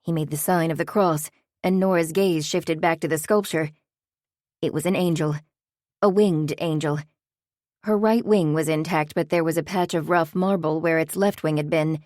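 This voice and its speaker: A woman narrating a novel in a steady, even audiobook reading. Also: low-pitched, moderate pace, no echo, studio quality.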